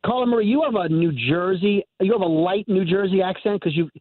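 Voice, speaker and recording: A man with a New York accent, a podcast co-host guesting on a radio show, talking in an animated, rambling, self-deprecating way. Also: high-pitched, brisk, no echo. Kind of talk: casual radio chat. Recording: tinny phone line.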